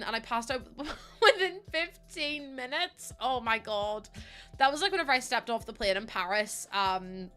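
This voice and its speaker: Young woman, casual streamer chat, giggly, lots of fillers, bright tone. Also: a little high. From United Kingdom. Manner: chatty, laughs often, lots of "like" fillers. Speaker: live streamer.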